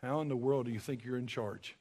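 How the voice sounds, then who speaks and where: A man preaching a sermon, folksy and emphatic, with sudden loud bursts. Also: medium pitch, a little fast. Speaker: pastor.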